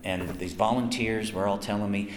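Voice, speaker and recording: This is convention Q&A storytelling: a voice actor, his voice lowish and his speed normal, takes questions from fans. Chatty and self-deprecating, he tells lengthy, lively stories and performs the quotes himself. The recording sounds echoey, with some background noise.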